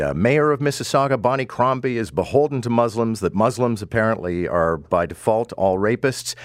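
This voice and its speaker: A man's voice: fairly low pitch, no echo. Man hosting morning talk radio, dry. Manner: conversational, wry asides. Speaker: radio talk show host. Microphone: studio microphone.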